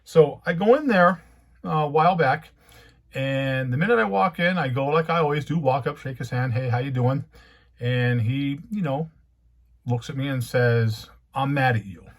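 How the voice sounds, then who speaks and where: A man's voice: on the high side, normal speed. A man hosting his own comic book channel, talking casually and rambling, growing heated as he rants. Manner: conversational, rambling, heated when ranting. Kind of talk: casual monologue.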